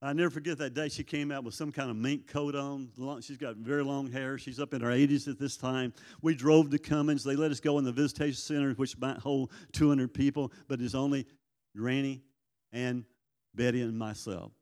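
A man's voice: mid-range voice, fairly even intonation, a little fast, a little mellow. An older man from Arkansas, giving a folksy church testimony about prison ministry. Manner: folksy storytelling, acts out voices in quotes. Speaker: prison ministry guest speaker. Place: church sanctuary. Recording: long church reverb.

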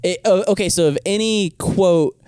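A man co-hosting a casual podcast, talking quickly and laughing often. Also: high voice, a little mellow, smooth, dry recording, studio quality. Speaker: podcast co-host. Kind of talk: casual chat.

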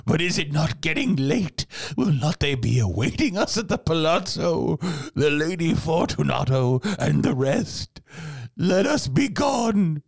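A man voicing a desperate nobleman walled in a catacomb, with slow, strained laughter that breaks into shouts, in a dramatic audiobook reading. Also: on the high side, expressive, creaky, slightly rough, heavily acted. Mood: anxious.

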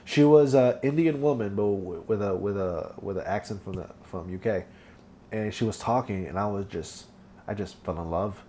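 A man from Chicago in casual chat, telling stories in a relaxed way that trails off softly. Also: on the low side, normal speed, a little hiss or hum.

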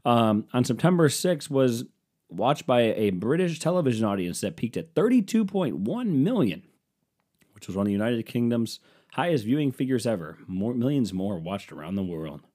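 A man's voice: medium pitch, sing-song, moderate pace, mellow. A man doing a rambling comic monologue, sarcastic and profane with mocking asides.

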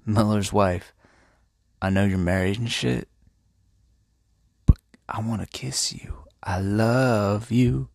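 A man's voice: fairly low pitch, fairly even intonation, a little slow, gravelly, pauses often, no room sound, clean studio sound. A man doing a slangy, lovestruck town dude. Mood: pleading.

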